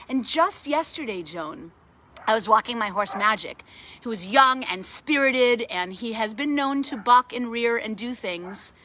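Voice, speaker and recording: A middle-aged woman who runs an animal sanctuary tells a personal story in a casual, animated way. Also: fairly high pitch. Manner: animated, grows excited while retelling a story. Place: outdoors at a farm sanctuary.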